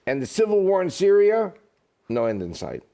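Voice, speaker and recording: Male guest, lively and joking, pitch swinging freely. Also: normal speed. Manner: animated, joking storyteller. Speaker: guest, author and politician. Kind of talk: casual interview talk.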